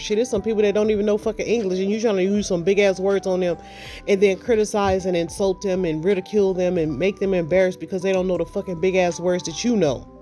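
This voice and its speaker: Over faint background music, a middle-aged woman who vlogs rants in a casual, profane, blunt way, her voice sitting in the mid range. Her delivery is loose and lively as she acts out the people in her stories with mocking voices.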